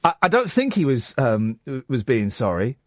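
Chatty radio host, lively voice. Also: male voice, mid-range voice, moderate pace, no room sound. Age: 40s. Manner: chatty, self-mocking, lively banter with the studio team. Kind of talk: late-night radio phone-in chat.

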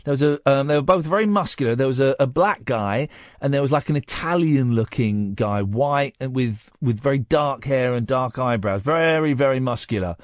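A man's voice: mid-range voice, lively intonation, normal speed, no echo. A man hosting a late-night radio show in a studio, chatting in a playful, teasing, rambling way. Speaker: radio host. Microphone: studio microphone.

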